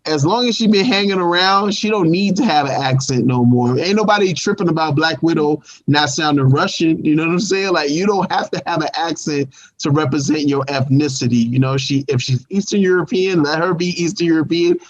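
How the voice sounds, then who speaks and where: A man's voice: fairly high pitch, a little fast, hardly any pauses, muffled recording. A man co-hosting a casual review show who talks in an emphatic, slangy way. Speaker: podcast co-host.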